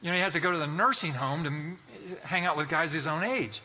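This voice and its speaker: Preacher in his sixties, high voice, very bright tone, folksy and emphatic, sermon delivery. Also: fast, slight background noise. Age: 60s. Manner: folksy storytelling, emphatic exhortation. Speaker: pastor.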